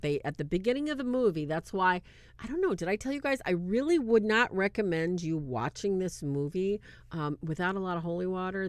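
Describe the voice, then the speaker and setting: A woman hosting a religious film review, talking casually to her viewers and swinging between loud and hushed. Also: lowish voice, smooth, no room sound. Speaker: host reviewing a film on demonology. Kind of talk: casual faith-based commentary.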